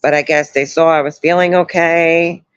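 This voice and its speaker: A woman in her thirties chatting on a live stream from home, sore after surgery, soft and emotional as she thanks her viewers. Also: sits low, steady tone, normal speed, clear, resonant tone, no echo. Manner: soft, emotional, greets chat viewers warmly. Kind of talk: casual live stream chat. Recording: dull lo-fi stream audio.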